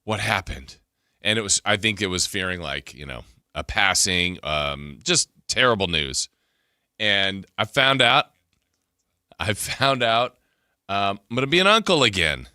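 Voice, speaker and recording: Male radio co-host, deep but very bright tone, animated swings in pitch, dry close studio mic. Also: unhurried, smooth, no room sound. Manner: animated storyteller, gasps and laughs while telling. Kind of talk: casual chat.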